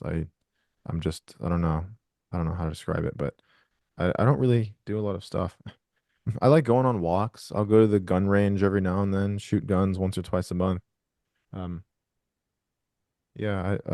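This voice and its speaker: Low, dark-voiced man rambling on a call. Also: dry recording, studio quality. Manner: rambling, profane, frequent restarts. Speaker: host of a trading group call. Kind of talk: casual chat on a group video call.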